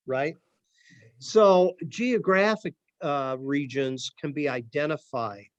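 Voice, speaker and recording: A man's voice: a little high, animated, slow, no room sound, highs cut off. A middle-aged man from Ohio with a Midwest accent, leading a church study group in a loose, conversational way with frequent ums. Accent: Midwest American. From Akron, Ohio. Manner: conversational, many ums and restarts. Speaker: Bible study leader.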